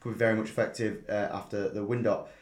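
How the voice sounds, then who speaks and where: A man's voice: fairly low pitch, flat delivery, quick pace. A man hosting a casual horse racing chat, with lots of ums and easy banter. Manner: chatty, filler-heavy, jokey banter. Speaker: podcast host. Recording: echoey room.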